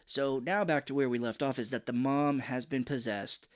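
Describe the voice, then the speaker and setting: A man co-hosting a podcast, casually retelling a film plot and jumping into high voices for the characters. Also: fairly even intonation, normal speed. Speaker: podcast co-host. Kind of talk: casual movie recap chat.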